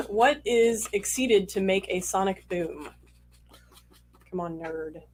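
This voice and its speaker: A woman's voice: mid-range voice, lively intonation, takes it slowly, husky. Female co-host, casual, playful, teasing, reads trivia questions aloud. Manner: playful, teasing, laughs often. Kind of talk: casual live-stream chat.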